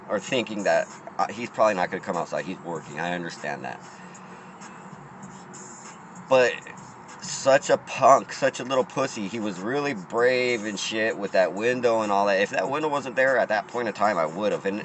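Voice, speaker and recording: A man with a fairly low voice tells a story in a rambling, swearing-laced rant, stumbling and restarting as he goes. He is recording outdoors, and passing cars and a clear wash of street noise sit behind him. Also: rough recording. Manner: profane, rambling, many restarts.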